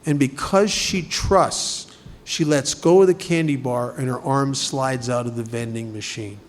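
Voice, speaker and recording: A man's voice: mid-range voice, a little slow, a little hiss or hum. Man asking rhetorical questions. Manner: conversational, full of rhetorical questions. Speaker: speaker at a recovery group study. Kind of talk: recovery talk.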